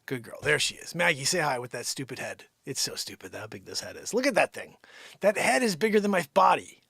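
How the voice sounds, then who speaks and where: A man hosting his own daily live stream from home, rambling and joking, jumping from loud bits to whispered asides. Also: fairly high pitch, big pitch swings, brisk, creaky, husky, no echo, studio quality. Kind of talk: unscripted comedic live-stream chat.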